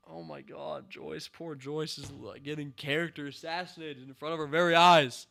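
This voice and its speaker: A man's voice: a little high, normal speed, gravelly, sharp tone. A man reviewing a TV show in a ranting commentary, exasperated, sighing and laughing in disbelief.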